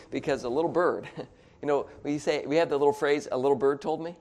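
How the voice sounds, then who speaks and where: A man's voice: a little high, fairly even intonation, fairly quick, a little mellow. Chuckling preacher leading his congregation. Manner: leads the congregation in repeating words aloud; chuckles often between points. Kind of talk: sermon.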